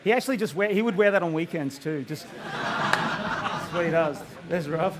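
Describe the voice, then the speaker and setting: A man's voice: a little high, moderate pace, heavy background noise. A man, a filmmaker telling stories about his film in a casual chat at a screening. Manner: chatty storytelling with laughs.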